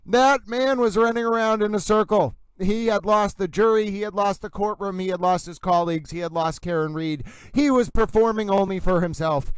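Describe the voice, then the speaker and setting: A man's voice: high voice, normal speed, hardly any pauses, clear, resonant tone, no room sound, poor audio. A man hosting a live stream, commenting in a theatrical, mock-grandiose way. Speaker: livestream host.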